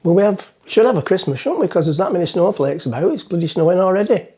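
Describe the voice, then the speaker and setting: A middle-aged man vlogs from the front of a boat, rambling his way through a joke to the camera in a chatty, self-mocking manner. His voice is high-pitched and warm, with lively intonation and a fast pace.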